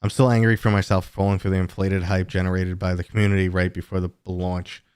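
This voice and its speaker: A man in his thirties hosts a casual livestream and answers viewer questions as they come in. His voice is low, and the recording is dry with no room echo. He rambles, with plenty of fillers and restarts. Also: little pitch movement, fast talker, a little mellow, clean tone. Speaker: host.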